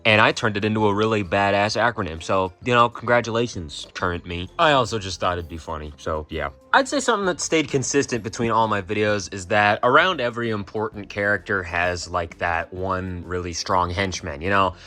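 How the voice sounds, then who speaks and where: A man's voice: lowish voice, animated, brisk, hardly any pauses, bright, forceful tone, soft background music. A young man in a casual vlog, rambling and mocking himself, swearing freely and often restarting his sentences. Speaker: plush maker and video creator.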